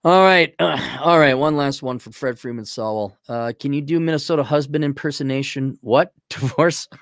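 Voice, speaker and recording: A man's voice: medium pitch, steady tone, moderate pace, dry recording, clean studio sound. A man hosting a casual livestream, reading viewer donations aloud and riffing on them with sarcasm. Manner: sarcastic, rambling. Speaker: stream host reading donations.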